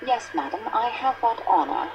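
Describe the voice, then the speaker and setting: French lady detective, polite n formal, lively pitch, hissy background. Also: moderate pace, lo-fi sound. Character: patient young French female investigator.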